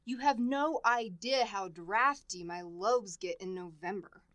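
A woman's voice: medium pitch, measured pace, fairly bright tone, no room sound, lightly acted. An actress playing a wisecracking female schoolteacher in a 1950s radio comedy, dry and sardonic.

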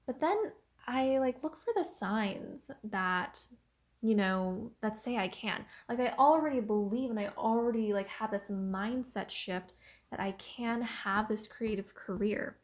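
A young woman talks casually and earnestly about pushing past self-doubt. Her speech is loose and chatty, full of "like" and "you know". Her voice sits in a middle pitch for a woman. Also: measured pace. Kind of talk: casual motivational monologue.

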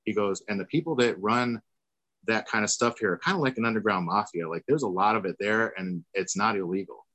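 A man's voice: lowish voice, brisk, fairly bright tone, no echo, low-quality recording. A man, a former tour manager, telling a long story on a video call and acting out the voices of the people in it. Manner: rambling, acts out quoted voices. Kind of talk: casual storytelling.

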